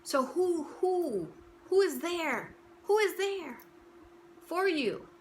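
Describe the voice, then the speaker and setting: A woman's voice: very high-pitched, sing-song, takes it slowly, a little hiss or hum. A woman giving a passionate motivational talk, pressing her listeners with repeated rhetorical questions. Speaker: motivational speaker.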